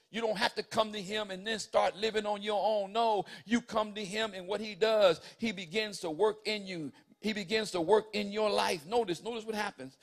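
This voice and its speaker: A man preaching a sermon in church, moving from quiet Bible teaching to loud, fervent preaching and asking the congregation questions. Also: sits high, fairly even intonation, moderate pace, few pauses.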